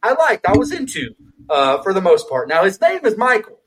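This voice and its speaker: A man co-hosting a film review podcast, chatting casually with lots of swearing and quick asides. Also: high-pitched, wildly swooping pitch, a little hiss or hum, poor audio. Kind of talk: casual chat.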